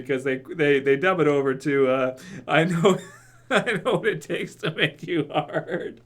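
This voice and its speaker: An English-raised young man talking through a casual reaction video. He rambles, restarts his sentences and breaks into laughter often. His pitch sits in the ordinary middle range for a man. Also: a bit bright. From England. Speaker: YouTube reaction host.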